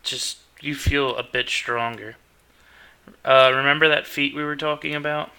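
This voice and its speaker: A man narrating a tabletop game as game master, unhurried and loose. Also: medium pitch, fairly even intonation, sharp tone, clear, resonant tone. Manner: unhurried narration with restarts and fillers.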